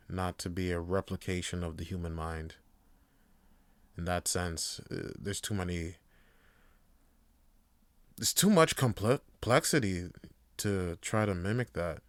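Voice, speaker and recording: A man hosting a podcast rambles through a loose, profane monologue in a casual style. His middling-pitched voice is smooth and clear, and the sound is close and dry without any room echo.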